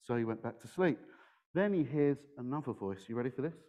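A man's voice: medium pitch, lively intonation, fairly quick, a little mellow, in a large hall. A man giving a playful children's talk in a church service, quizzing his young listeners as he goes. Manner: playful, engages the audience with questions. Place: church hall. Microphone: handheld microphone.

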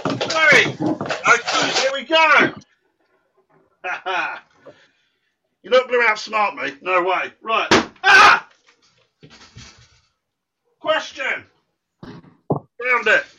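A man's voice: very high voice, big pitch swings, extremely slow, long pauses, heavy background noise, exaggerated voice. A man voicing a cocky, boastful male quizmaster character who teases the kids in a comic church sketch. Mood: smug teasing. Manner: teasing, boastful, playfully smug. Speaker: quiz host at a church service. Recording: muffled lo-fi recording.

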